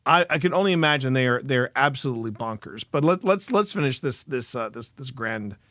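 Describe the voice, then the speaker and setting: A male host reacting to clips in casual commentary, animated, laughing often and restarting sentences. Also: mid-range voice, brisk.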